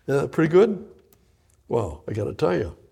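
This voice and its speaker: A man preaching, reading scripture verse by verse and explaining it, moving between loud emphatic bursts and hushed quiet passages. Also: medium pitch, very animated, moderate pace, gravelly, husky. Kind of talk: verse-by-verse Bible teaching.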